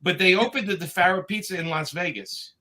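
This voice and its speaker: Bright, high-voiced Brooklyn man. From Brooklyn, New York. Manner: talkative, opinionated, storytelling with quick asides. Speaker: guest comics creator. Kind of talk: casual live chat.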